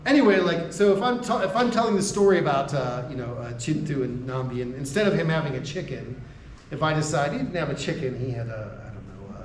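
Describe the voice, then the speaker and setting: A man's voice: medium pitch, expressive, a little fast, far from the mic, slight background noise. American man lecturing in an echoey room. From United States. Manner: conversational, frequent "right?" checks and restarts; laughs between points. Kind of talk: university lecture to faculty.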